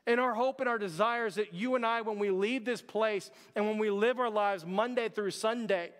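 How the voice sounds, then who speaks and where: A man's voice: sits high, normal speed, a bit bright, in a large hall. A pastor preaching an earnest, conversational sermon to his church, often addressing the congregation directly.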